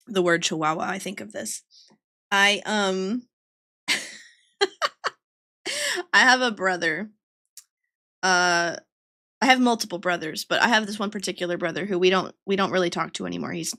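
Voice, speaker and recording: A woman's voice: mid-range voice, pushed and bright. A young woman from Georgia with a light Southern accent, chatting and giggling as she tells rambling family stories on a stream. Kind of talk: casual storytelling while drawing.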